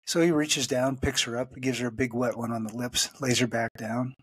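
A man co-hosting a podcast, telling a long joke in casual chat and raising his pitch for the quoted lines. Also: steady tone, moderate pace, breathy edge. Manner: tells jokes at an easy pace, pitching up for quoted lines. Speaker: podcast co-host.

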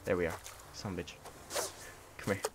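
Young male streamer, low-pitched, tired and sarcastic, noisy home recording. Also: fairly even intonation, brisk. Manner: sarcastic, grumbling mock indifference. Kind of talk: casual live-stream gameplay commentary. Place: hot room at home.

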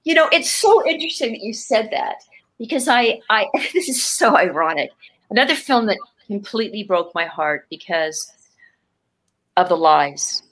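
This woman in her fifties, a Canadian guest actor, speaks in a mid-range voice at a moderate pace. Over a video call she tells stories in a relaxed interview, animated and laughing often, frequently restarting her sentences.

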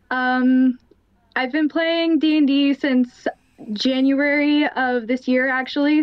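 A woman with a high, smooth voice introduces herself slowly and gently, pausing often. Her sound is dry and close but dulled by a lo-fi mic. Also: no room sound. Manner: slow, gentle, halting. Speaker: guest player. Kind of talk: casual chat. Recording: dull lo-fi mic.

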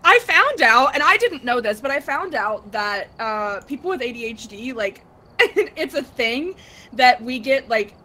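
A woman's voice: high-pitched, big pitch swings, a little slow, bright, forceful tone, slight background noise. A woman chatting casually with a friend during a gaming stream, rambling and giggling.

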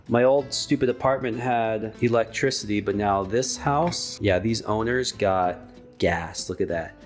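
A man's voice: on the low side, unhurried, faint music behind. A man casually chatting through a cooking vlog in his home kitchen, rambling in a goofy, offhand way. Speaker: cooking vlogger.

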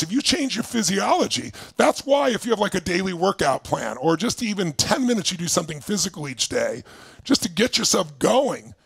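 A man leading a live seminar over video call as a motivational speaker, energetic and emphatic, prodding his audience with constant "right?". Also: sits high, gravelly, breathy edge, no room sound.

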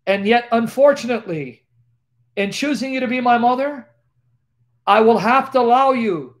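A man preaching on a live stream, emphatic, with rhetorical questions, swinging from loud declarations to hushed tones. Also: sits high.

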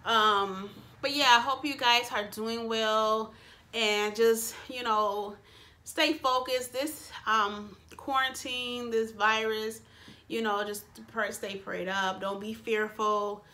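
Bright-voiced gushing woman vlogger. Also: fairly high pitch, slow pace. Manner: gushing, excitable, addresses viewers as y'all. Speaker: beauty vlogger. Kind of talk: casual unboxing chat. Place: her bedroom.

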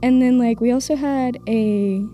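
A young woman from Oklahoma speaks on a live stage, her mellow, fairly high voice full of filler words and nervous laughter. Faint music plays in the venue behind her. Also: unhurried, lo-fi sound. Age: young adult. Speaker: audience member telling a story. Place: stage of a live event in a castle.

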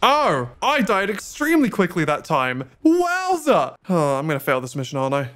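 A man's voice: on the high side, expressive, fairly quick, fairly bright tone. A young man giving sarcastic gameplay commentary and talking back to game characters. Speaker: gaming YouTuber.

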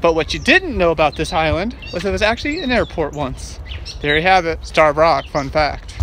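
On a state park hike, the middle-aged vlogger chats casually with playful, self-mocking jokes. His voice runs on the high side and a bit bright, with slight background noise.

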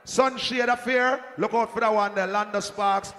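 A man with a Jamaican accent hyping a live dance as sound system selector, shouting and joking with the crowd over a handheld mic. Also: high-pitched, steady tone, normal speed. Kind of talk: live hype talk at a dance. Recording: echoey hall, faint crowd noise.

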